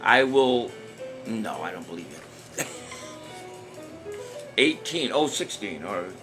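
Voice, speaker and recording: A man's voice: medium pitch, huge pitch swings, slow. An older man casually hosting a live-stream trivia show, chatty and jokey, chuckling at his own jokes. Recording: music playing under the voice.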